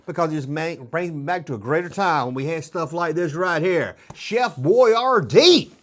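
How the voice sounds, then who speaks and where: A middle-aged toy collector hosts a casual show-and-tell vlog, his voice a little high, a touch fast, and somewhat bright. He rambles along, tossing in jokes and nostalgic asides.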